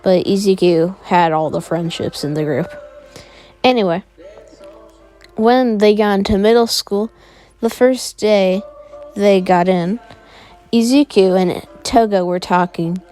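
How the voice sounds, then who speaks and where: A woman tells a fan story in a casual, rambling way, full of fillers. She speaks slowly with a mellow tone. Faint music plays beneath her voice. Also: mid-range voice, fairly even intonation. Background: faint background music.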